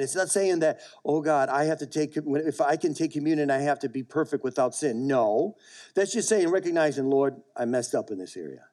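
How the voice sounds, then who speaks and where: Man, pastor, sermon, slightly high voice, emphatic then hushed, asks the room questions, chuckles. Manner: swings from raised emphatic lines to low quiet asides, often asks the congregation; chuckles between points, repeats words.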